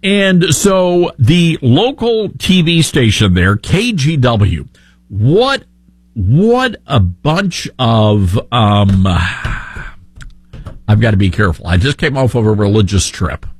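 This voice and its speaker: A man's voice: mid-range voice, big pitch swings, slow pace, husky, dry recording. A man with a Southern accent hosting a talk radio show, sarcastic and opinionated.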